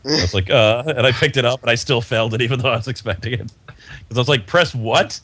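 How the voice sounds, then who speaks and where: A man's voice: mid-range voice, fast, a bit bright. A young man co-hosting a gaming podcast, laid-back and wry as he complains about games. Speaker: podcast co-host. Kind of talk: casual gaming chat.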